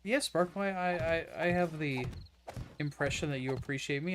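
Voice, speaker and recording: A man's voice: a little high, moderate pace, fairly bright tone, a little hiss or hum. A man hosting a gaming show, chatting casually while he plays, rambling, restarting his sentences and laughing often. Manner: rambling and self-interrupting, with frequent laughter. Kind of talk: casual co-op gameplay chat.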